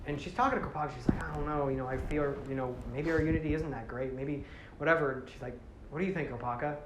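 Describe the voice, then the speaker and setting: A man's voice: on the high side, steady tone, fast talker. Rambling man in an echoey room. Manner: rambling, self-correcting, acts out quotes with sudden loud outbursts. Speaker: podcast host. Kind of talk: casual retelling of a movie plot. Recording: roomy echo with faint background noise.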